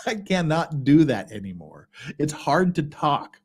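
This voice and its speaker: A man's voice: fairly high pitch, sing-song, unhurried, husky. A man hosting a casual legal commentary stream, sarcastic and mocking, laughing often, with a slightly thick tongue.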